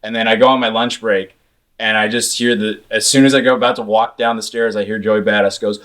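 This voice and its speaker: A man's voice: on the low side, level tone, brisk, a bit bright. A young man co-hosting a casual podcast, telling stories loosely and swearing a lot. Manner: loose, profane storytelling with lots of swearing. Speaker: podcast co-host. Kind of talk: casual chat.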